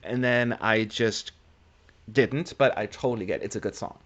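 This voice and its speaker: A man's voice: lowish voice, moderate pace, fairly bright tone. A man co-hosting a live stream, chatting casually, joking and reading out viewer questions. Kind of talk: casual chat.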